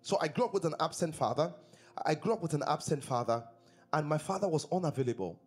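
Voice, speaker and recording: A man's voice: a little high, animated, quick pace, breathy edge, faint music behind. A man preaching a sermon as pastor, repeating his points and asking the congregation questions. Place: church service.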